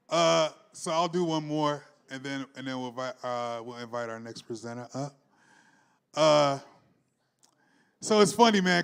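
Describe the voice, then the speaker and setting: A man's voice: on the high side, clear, resonant tone. A man hosting a cafe spoken word night, talking in a laid-back, reflective way, then reciting rhythmic poetry. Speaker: spoken word host and poet. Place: live cafe event.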